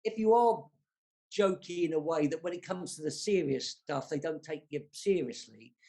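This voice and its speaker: London-accented panel guest, high voice, talks in a loose, frank ramble. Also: male voice, moderate pace, mellow. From south London. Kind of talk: casual panel discussion.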